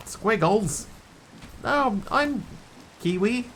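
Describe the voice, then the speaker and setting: A man's voice: high voice, animated, takes it slowly, a bit bright, a little hiss or hum. A man streaming a game, chatting and joking with his chat as he plays. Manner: chatty, jokey, talks to chat while playing. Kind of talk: casual gameplay commentary.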